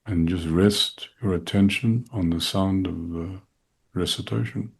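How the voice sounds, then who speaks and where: A middle-aged man, a shaikh, speaking slowly and softly as he leads a guided meditation and dhikr. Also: deep voice, creaky, slightly rough. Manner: slow, soft-spoken, calm guiding voice.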